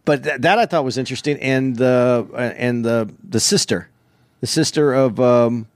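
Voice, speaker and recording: A man co-hosting a podcast in casual movie chat, talking quickly and often stumbling as he searches for words. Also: mid-range voice, no echo, clean studio sound. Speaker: podcast co-host.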